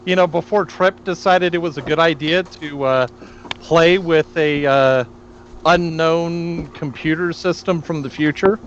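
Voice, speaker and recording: Male player voicing an eerie machine entity, creepy and slow, for a tabletop stream with lo-fi sound. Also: on the high side, fairly bright tone, a little hiss or hum. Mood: eerie calm.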